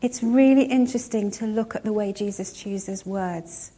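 A woman preaching a sermon, retelling a story in a measured way and slowing down to stress key words. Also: medium pitch, warm tone, slightly rough.

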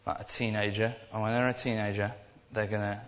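A young man preaches in a loose, earnest ramble, circling back and restarting his thoughts often. His voice sits on the low side, and it carries a long echo that hangs in the hall. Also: little pitch movement, brisk, slight background noise. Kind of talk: informal sermon. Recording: echoey hall.

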